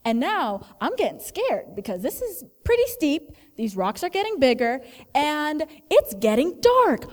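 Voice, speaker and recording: An earnest woman shares a personal faith story, her voice sitting a little high. She swings between hushed, reflective moments and lively bursts. A long reverb trails after her words, as if she is in a large hall. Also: a little slow. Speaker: storyteller sharing a faith testimony.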